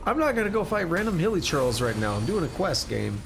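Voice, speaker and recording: A man's voice: fairly high pitch, very animated, a little fast, gravelly, hardly any pauses, soft background music. Joking male game streamer. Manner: jokey and offhand. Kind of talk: casual gameplay commentary.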